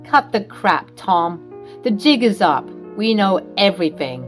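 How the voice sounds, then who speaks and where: A woman's voice: mid-range voice, very animated, a little slow, soft background music. A woman voicing a fierce, protective middle-aged mother who speaks in a stern, accusing way.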